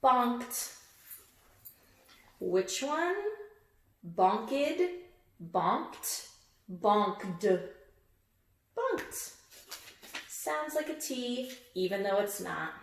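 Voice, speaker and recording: A woman teacher reads a picture book aloud slowly and deliberately. She repeats each word with emphasis and quizzes her listeners on how it ends. Her voice has a middling pitch, and a roomy echo surrounds it. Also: expressive, creaky, fairly bright tone. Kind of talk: read-aloud phonics lesson.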